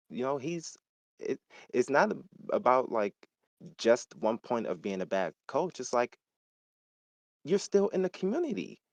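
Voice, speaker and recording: A man's voice: medium pitch, no echo. A man ranting heatedly and emphatically in a casual gaming discussion.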